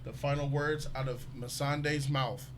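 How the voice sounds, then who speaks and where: A man hosting a casual panel talk show about a TV episode, talking in an emphatic, animated way. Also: mid-range voice, normal speed, background noise. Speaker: show host.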